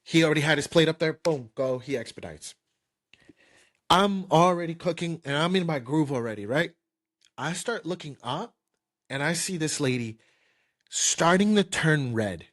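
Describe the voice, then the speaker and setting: A man's voice: fairly high pitch, normal speed. A man hosting a podcast, telling a kitchen story casually, with lots of "like" and restarts, acting it out with sound effects. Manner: lively anecdote-telling with sound effects like pop and bam; loose, filler-heavy talk with "like" and restarts. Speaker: podcast host.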